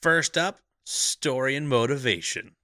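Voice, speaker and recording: A man with a mid-pitched, bright voice co-hosts a movie podcast. He is wry, laughs often and moves his pitch around a lot. The sound is dry and close to the mic. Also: animated, unhurried, no echo. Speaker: podcast co-host. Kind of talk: casual chat.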